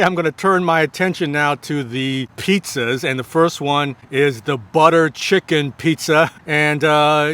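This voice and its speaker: A man giving a casual food review to camera, effusive and full of drawn-out exclamations, with halting restarts between bites. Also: a little high, a bit bright, smooth. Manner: effusive, many drawn-out exclamations while tasting. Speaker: food vlogger.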